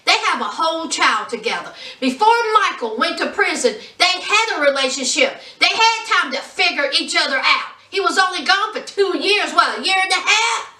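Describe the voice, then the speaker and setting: A sassy woman, talking high and bright as she recaps a reality show for her channel. She is animated and plays out each person she quotes. Her voice rings in an echoey room, a little off the mic. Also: distant mic. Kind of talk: casual chat.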